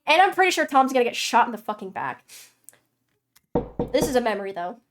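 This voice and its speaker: A woman streamer reading a story game aloud, a dramatic reading broken by loud, sweary reactions. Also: a little high, sing-song, a little fast, slight background noise.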